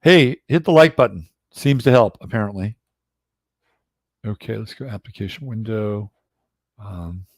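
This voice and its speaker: A man's voice: on the low side, gravelly, darkish tone, no room sound, studio quality. A middle-aged man hosting a casual livestream about astrology, rambling and blunt, with occasional swearing. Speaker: astrologer host.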